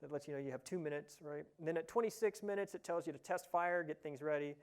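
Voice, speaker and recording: A man from Ohio, giving a casual conference tech talk, relaxed and chatty with lots of "uh" fillers. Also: on the high side, fast. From Ohio, USA. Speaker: conference presenter. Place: conference session room.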